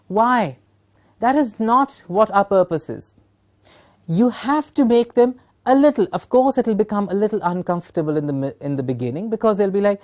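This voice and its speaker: A woman's voice: medium pitch, lively intonation, normal speed, darkish tone. A woman from Punjab, giving a training workshop lecture to teachers, emphatic and full of rhetorical questions. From Punjab, India. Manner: emphatic, asks rhetorical questions and checks in with "Yes?".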